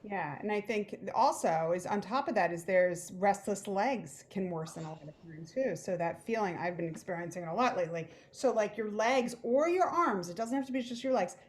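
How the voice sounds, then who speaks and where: A woman's voice: mid-range voice, animated, moderate pace, few pauses. A woman sleep specialist talking casually, with "like" and "right?" fillers. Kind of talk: panel discussion.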